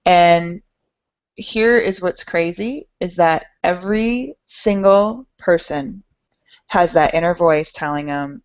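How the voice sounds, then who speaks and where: A woman's voice: lowish voice, slow. A woman hosting a podcast, giving an earnest, encouraging motivational talk straight to her listeners. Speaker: podcast host. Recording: dull lo-fi sound.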